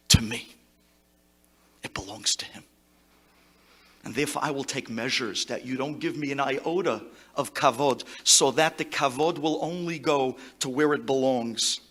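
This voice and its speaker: A man, a rabbi, giving an impassioned eulogy to a gathering, mixing Hebrew words into his English and swinging between loud exclamations and hushed tones. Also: medium pitch. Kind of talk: memorial speech to a gathering.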